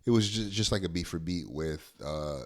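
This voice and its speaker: A man with a low voice chats about a film in a relaxed, casual way. He mostly chimes in with quick agreements and dry jokes. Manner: laid-back, chimes in with short agreements and jokes. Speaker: podcast co-host. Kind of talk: casual movie review chat.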